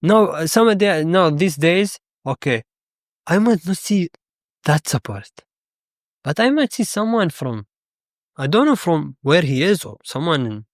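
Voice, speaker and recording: Man, slightly high voice, dry close sound, unscripted motivational talk, tells stories and quizzes the audience. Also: sing-song, a little slow, dry recording. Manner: rambling storytelling, asks the listener questions. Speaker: motivational speaker.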